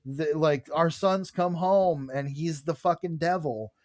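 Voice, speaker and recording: A man's voice: a little high, a little slow, a little mellow, no echo, clean studio sound. A man co-hosting a podcast, chatting casually and enthusiastically about comic books, reading bits of dialogue aloud. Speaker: podcast co-host. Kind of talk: casual comic book discussion.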